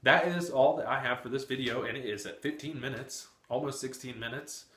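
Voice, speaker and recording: Chatty young man, bright voice, echoey room. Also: mid-range voice, brisk. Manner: chatty, frequent cursing and laughter. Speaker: book vlogger. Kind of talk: casual chat.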